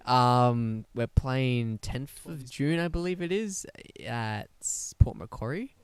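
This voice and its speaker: A man's voice: mid-range voice, takes it slowly, clear, resonant tone, dry recording. A man, a band member guest in casual chat, rambling and easygoing. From Australia. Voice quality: rambling, easygoing, self-interrupting. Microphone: handheld mic.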